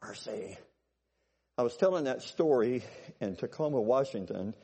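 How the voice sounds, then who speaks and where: A man preaching a sermon, telling stories and checking in with his congregation, swinging from loud bursts to low asides. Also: expressive, moderate pace, breathy edge. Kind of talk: sermon with storytelling.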